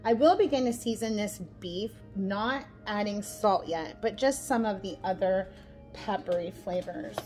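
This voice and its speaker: A woman's voice: mid-range voice, unhurried, darkish tone. A woman hosting a casual cooking demonstration in a home kitchen, chatting through each step as she works. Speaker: cooking show host. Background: background music.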